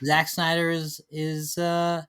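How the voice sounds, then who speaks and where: A man's voice: on the high side, completely flat delivery, slow, fairly bright tone, smooth. A man co-hosting a podcast, playful and ending lines on an upward lift in casual chat. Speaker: podcast co-host.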